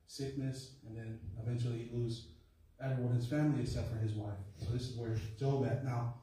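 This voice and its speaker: A man's voice: mid-range voice, fairly even intonation, brisk, dark tone, slight background noise. A man preaching a sermon in a church, in a conversational style with call-and-response and rising emphasis. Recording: echoey room, mic far off.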